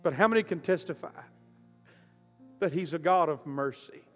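A man preaching a storytelling sermon, impassioned and surging from quiet to loud. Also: fairly high pitch, moderate pace. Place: church auditorium. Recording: reverberant hall with soft music.

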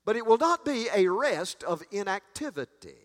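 A folksy, emphatic preacher with a fairly high male voice, building to fervent peaks with many restarts along the way. His sermon rings out in a sanctuary with a long, lingering reverb. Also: big pitch swings, moderate pace, a bit bright. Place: church sanctuary.

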